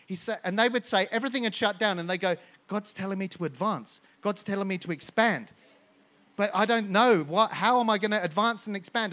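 A man's voice: high voice, fairly bright tone. A man preaching a sermon as pastor, building with rhetorical questions and repetition.

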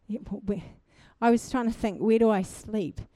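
A young woman preaching a sermon, telling a personal testimony in an animated way and building to fervent exhortation. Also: medium pitch, moderate pace, no echo. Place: church.

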